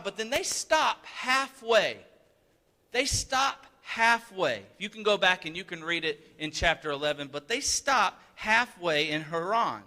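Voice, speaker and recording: A man preaching a sermon with a high, bright, forceful voice. He speaks earnestly and conversationally, doubling back on words to drive a point home. His voice carries the long reverb of a church hall. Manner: earnest, emphatic, conversational, repeats words for stress. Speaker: pastor. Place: church sanctuary.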